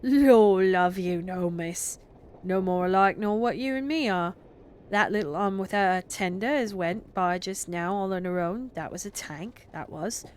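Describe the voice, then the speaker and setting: A woman's voice: mid-range voice, measured pace, a little hiss or hum, lightly acted. A woman doing a hearty rustic porter man. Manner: broad country dialect, hearty. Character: rustic talkative male railway porter.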